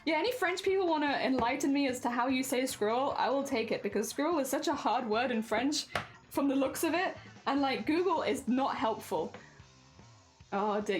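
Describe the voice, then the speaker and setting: Young woman streamer, high voice, giggly and chatty, light music under her. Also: animated, moderate pace. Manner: chatty, giggly, reads and answers chat. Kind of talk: casual live-stream chat.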